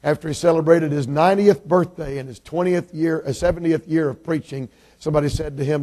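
Male visiting preacher from Illinois, slightly high, mellow tone, sermon delivery that swings from soft asides to forceful proclamation. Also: fairly even intonation, fairly quick. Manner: shifts from soft, low-key thanks to loud, emphatic preaching and scripture reading.

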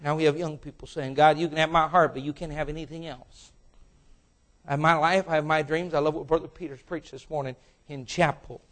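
A man preaching a sermon to young people, telling a story and acting out its characters in sudden loud bursts, then dropping low and quiet. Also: steady tone, brisk.

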